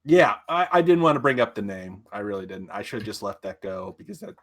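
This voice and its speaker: A man's voice: on the low side, fast, fairly bright tone. A young adult man, a co-host on a casual livestream, who swears freely and rants, then apologizes. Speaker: podcast co-host.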